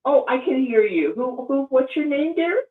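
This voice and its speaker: A woman's voice: high-pitched, lively intonation, normal speed. Female call-in host, motherly and caring, tinny roomy sound. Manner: motherly, calls people dear and sweetheart. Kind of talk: hosting a call-in show.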